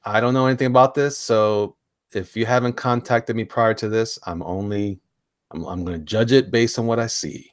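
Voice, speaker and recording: A man's voice: fairly low pitch, steady tone, normal speed, no room sound, studio quality. A man hosting a casual live stream, jokey and chatty, reading viewer comments aloud and laughing often. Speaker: host.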